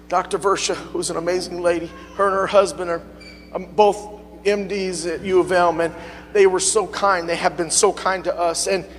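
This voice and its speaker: A man preaching a sermon as pastor in a church, speaking with fervent call-and-response, sometimes quiet and sometimes swelling into passionate peaks. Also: sits high, big-room sound, slight background noise. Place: church sanctuary.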